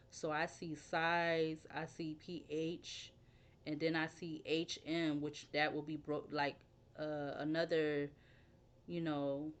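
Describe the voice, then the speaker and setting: Low-voiced woman reading tarot, rambling. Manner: rambling, thinks aloud, spells words out. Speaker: tarot reader.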